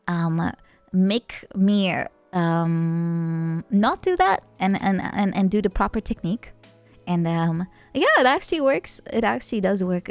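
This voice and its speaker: Young woman, giggly rambling chat, streaming mic, faint music behind, mid pitch. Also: a little mellow, no room sound. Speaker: VTuber streamer. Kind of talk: casual chat answering viewer messages.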